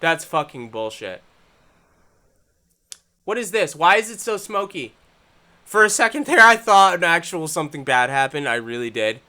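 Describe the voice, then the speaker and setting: A young man hosting a live stream, talking in a profane, rambling way that swings from loud angry ranting to low, muttered talk. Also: fairly quick. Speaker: channel host.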